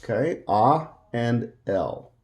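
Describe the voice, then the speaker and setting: A man teaching a Spanish grammar lesson in English, patiently repeating words slowly for practice. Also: mid-range voice, big pitch swings. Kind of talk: classroom-style language lesson.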